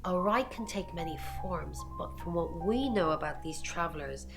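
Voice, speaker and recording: An actress playing a calm female tarot reader in a video game, speaking in a measured way with dry wit, over game music. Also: on the low side. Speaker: game character.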